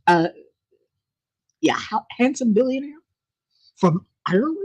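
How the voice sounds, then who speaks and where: A woman's voice: medium pitch, sing-song, measured pace, long pauses. A woman hosting her own channel, chatting casually with viewers, laughing often in a playful way. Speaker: channel host.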